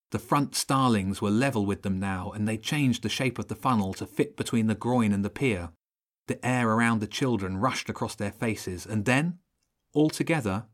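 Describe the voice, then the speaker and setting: A man reading a children's audiobook in steady, measured narration. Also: fairly low pitch.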